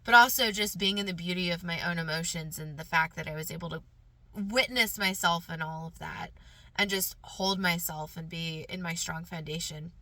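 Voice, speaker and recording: A woman's voice: lowish voice, moderate pace, sharp tone, dry recording. A woman podcast host and coach telling a personal story in casual, emotional, earnest speech, then reading affirmations.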